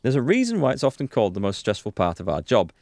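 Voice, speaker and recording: A man voicing a calm, methodical police lieutenant giving a measured briefing. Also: fairly low pitch, no echo, clean studio sound. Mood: serious.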